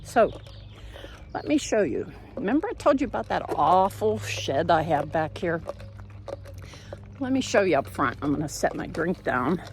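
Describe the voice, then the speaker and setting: A woman's voice: fairly low pitch, very animated, normal speed, long pauses, a little hiss or hum. An older woman chatting in a homespun way as she walks outdoors through a backyard, filming on a handheld phone. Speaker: home and garden vlogger. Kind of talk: casual walk-through vlog.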